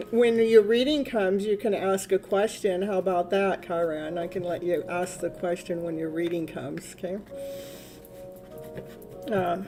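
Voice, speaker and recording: A woman's voice: fairly low pitch, warm tone. A woman, a tarot reader hosting a live stream in casual, rambling chat, laughing often.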